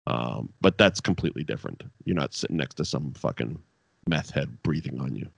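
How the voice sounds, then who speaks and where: Casting note: over-caffeinated male podcast co-host, exasperated and sweary, bursts up high when annoyed, dry close sound. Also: lively intonation, fairly quick, vocal fry, husky, dry recording. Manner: exasperated, sweary, ranting with sudden high outbursts. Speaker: podcast co-host reviewing wrestling. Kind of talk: casual profane rant.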